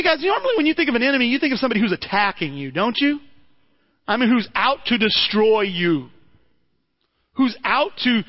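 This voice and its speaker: A man with a high-pitched voice preaches a sermon conversationally, posing rhetorical questions to his listeners and frequently repeating words as he restarts. The audio sounds dull.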